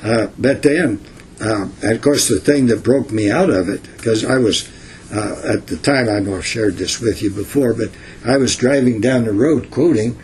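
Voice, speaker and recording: An older man giving informal Bible teaching in a folksy, unhurried way, reading verses and adding asides. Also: fairly low pitch, a little mellow, slight background noise.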